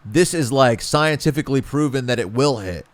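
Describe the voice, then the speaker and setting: A man's voice: medium pitch, animated, normal speed, no echo. A man co-hosting a comedy podcast, talking in a laid-back, slangy way. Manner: laid-back, slangy, says dude a lot. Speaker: podcast co-host. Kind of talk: casual comedy chat.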